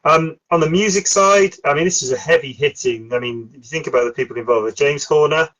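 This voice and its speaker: A man's voice: a little high, brisk, fairly bright tone, low-quality recording. A middle-aged man, chatting casually about films as a podcast host, with lots of fillers and frequent laughs. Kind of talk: casual film chat.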